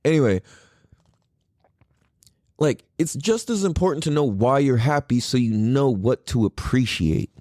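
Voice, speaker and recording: A man in his thirties hosting a podcast, talking in an excitable, rambling way and swearing freely. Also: medium pitch, a little slow, long pauses, dry recording, clean studio sound. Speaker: podcast host. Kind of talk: casual solo podcast talk.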